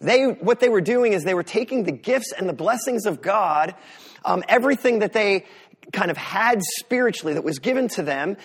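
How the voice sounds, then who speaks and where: High-voiced husky preacher in a hall. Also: male voice, lively intonation, normal speed. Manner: emphatic, conversational teaching. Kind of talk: sermon.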